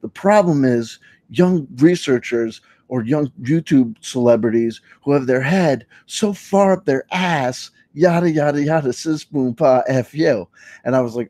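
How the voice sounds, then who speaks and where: A man hosting a stream, telling a casual story and acting out old online exchanges with laughs and quick asides. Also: medium pitch, no room sound. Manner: animated, laughing, acts out quoted exchanges. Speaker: stream host. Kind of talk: casual storytelling with mock readings of tweets.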